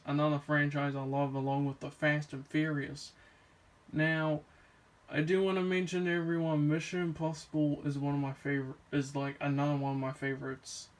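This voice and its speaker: A young man vlogging in a casual, rambling way, with lots of fillers and restarts as he talks about films he loves. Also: a little high. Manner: rambling, full of "like" and "um", enthusiastic. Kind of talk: casual movie chat.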